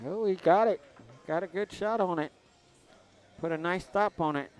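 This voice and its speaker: A man's voice: high voice, normal speed, clear, resonant tone, soft background music. Chatty man commentating pool. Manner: chatty, joking shout-outs to viewers. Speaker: live stream host commentating pool matches. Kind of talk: casual live commentary.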